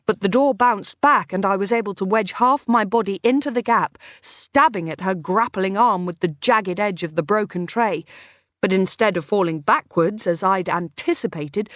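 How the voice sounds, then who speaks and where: A woman narrating a thriller audiobook in the first person, in measured, tense storytelling. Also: medium pitch, a bit bright, dry recording, studio quality.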